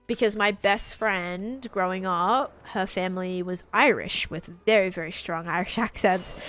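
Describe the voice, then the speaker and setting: A woman's voice: mid-range voice, a bit bright. Brief: a young Australian woman with an Americanized accent, talkative and rambling, casual stream chat. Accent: Australian, drifting toward American. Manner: chatty, rambling, many "like"s. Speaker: game streamer.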